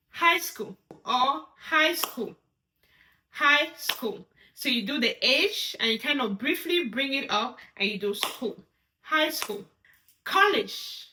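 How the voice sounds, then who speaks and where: A woman's voice: on the high side, pushed and bright, reverberant. A young woman teaching a beginner sign language lesson, upbeat and careful, repeating each word as she explains it.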